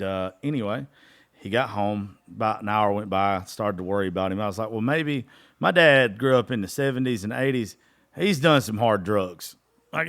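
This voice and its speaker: A man's voice: lowish voice, a bit bright. A man hosting a podcast, telling a story in a loose, rambling way, swearing freely and using lots of fillers. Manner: profane, rambling, with many fillers. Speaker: podcast host. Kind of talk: casual storytelling monologue.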